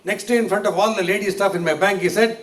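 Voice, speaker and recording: High-voiced older Indian humorist. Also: male voice, steady tone, quick pace, fairly bright tone. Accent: Indian English. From Tamil Nadu, India. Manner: anecdotal, punchline-driven storytelling. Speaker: humorist speaker. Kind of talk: humorous lecture. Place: lecture hall. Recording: echoey hall from far off.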